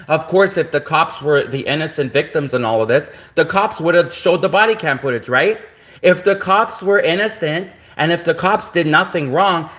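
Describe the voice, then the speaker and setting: A man speaking in a fairly high voice and ranting on a livestream. He rambles and repeats himself, circling back again and again to the same points. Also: a bit bright. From Canada.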